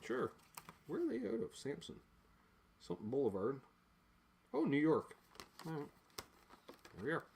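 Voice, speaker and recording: A Canadian gear vlogger chats casually while unboxing old music gear, rambling, joking, swearing freely, voicing people he quotes, and often drifting from the mic as he moves. His fairly high voice swoops wildly in pitch at normal speed, creaky and darkish, with long pauses and slight background noise.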